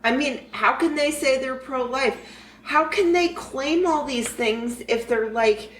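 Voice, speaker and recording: A woman's voice: high-pitched, measured pace, far from the mic, slight background noise. Woman podcast co-host, blunt and heated, profanity-laden political chat, roomy room away from the mic.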